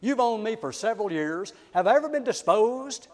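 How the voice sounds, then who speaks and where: A man's voice: sits high, expressive, normal speed, big-room sound, voice pushed up. A man voicing a patient talking donkey that asks plaintive questions.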